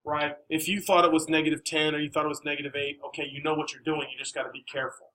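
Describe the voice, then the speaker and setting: A man's voice: a little high, little pitch movement, very fast, sharp tone, a little hiss or hum, rough recording. A man teaching a math class, speaking in a classroom, coaxing students with questions and encouragement. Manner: encouraging, coaxing questions, many "all right"s.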